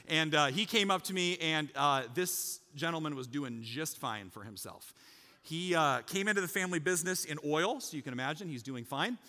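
A man preaching a sermon as pastor, talking casually with the congregation, joking and rising to loud, emphatic peaks. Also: a little high, expressive, moderate pace, big-room sound. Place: church sanctuary.

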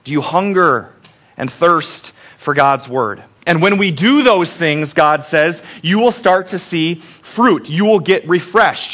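A man's voice: high-pitched, fairly bright tone. Conversational male pastor preaching a sermon. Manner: conversational, self-deprecating, asks the congregation questions. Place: church sanctuary.

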